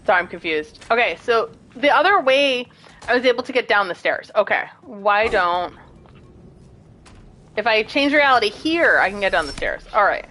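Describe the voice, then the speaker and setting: A young woman streaming a game, chatting casually and self-deprecatingly, with bursts of excited squeals. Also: medium pitch, moderate pace. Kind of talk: casual gameplay commentary.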